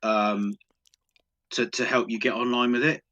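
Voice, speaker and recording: A man's voice: mid-range voice, flat delivery, a little slow, sharp tone, highs cut off. A man in casual chat, explaining retro console details hesitantly with frequent fillers. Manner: knowledgeable, hesitant with fillers, laughs often.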